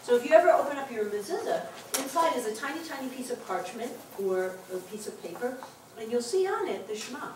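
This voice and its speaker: A woman teaches a class of adults, explaining each point patiently and reading words out slowly. Her voice is a little high and comes from across the room. The classroom sounds very echoey, with faint room noise behind her. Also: expressive. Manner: encouraging, explains patiently, reads aloud slowly. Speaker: Hebrew teacher. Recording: very echoey classroom taped from far off.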